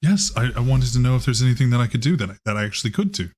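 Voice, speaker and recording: A man voicing a confused, rambling male vampire elder who talks slowly and vaguely. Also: medium pitch, animated, darkish tone, husky, pitched above the performer's own voice. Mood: earnest.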